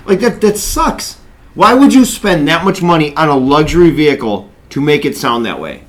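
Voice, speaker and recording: Man co-host, chatty storyteller, voice a bit higher than most men. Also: very animated, normal speed. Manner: storytelling, quotes others, laughs often. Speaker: podcast co-host. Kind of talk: casual chat.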